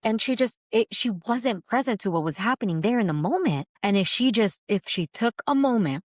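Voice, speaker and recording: A woman's voice: mid-range voice, animated, normal speed, dry recording, clean studio sound. A woman hosting a faith podcast, giving an earnest, reflective teaching that repeats phrases for emphasis and quotes scripture.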